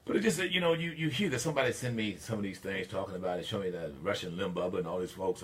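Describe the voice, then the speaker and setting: A man's voice: fast talker, hardly any pauses, slight background noise. An older man from Mississippi, hosting a talk radio show in an emphatic, preachy monologue. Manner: emphatic, preachy, swings between low asides and loud declarations.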